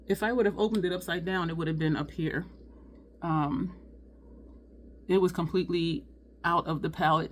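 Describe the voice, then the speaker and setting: A woman's voice: fairly low pitch, a little hiss or hum. A woman chatting casually through a makeup tutorial at home, sweating and talking to her viewers as "y'all". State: sweating, overheated. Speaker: beauty vlogger.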